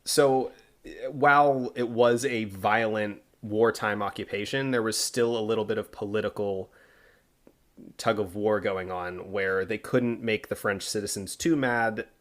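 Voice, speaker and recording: A man co-hosting a podcast, telling a history story in a relaxed way with asides and fillers. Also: lowish voice. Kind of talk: casual history podcast narration.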